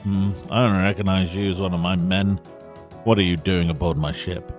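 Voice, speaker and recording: A man's voice: sits low, steady tone, moderate pace, darkish tone, faint music behind, lightly acted. A man playing a pompous ship captain. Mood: haughty. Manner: formal, condescending.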